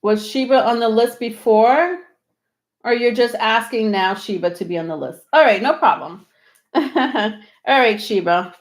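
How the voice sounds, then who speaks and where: A woman's higher, unhurried voice carries a live tarot reading, slightly breathless as she chats loosely with viewers. She rambles with plenty of ums while keeping things reassuring.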